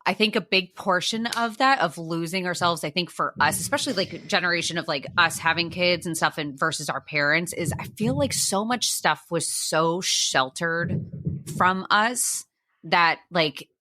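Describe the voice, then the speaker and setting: A woman's voice: lowish voice, moderate pace, bright, forceful tone. A woman in her thirties hosting a podcast, chatting casually and telling stories with quoted voices and frequent laughter. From New Jersey, US. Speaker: podcast host.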